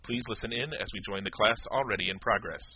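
A man's voice: on the low side, quick pace, vocal fry, breathy edge, dry recording, muffled recording. A man reading a short, formal scripted introduction to a church class podcast. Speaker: podcast announcer.

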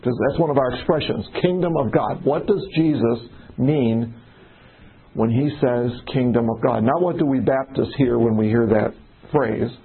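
A man's voice: medium pitch, moderate pace, vocal fry, breathy edge. A man leading a casual Bible study, talking in a conversational way and putting questions to the group. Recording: tinny phone-like recording.

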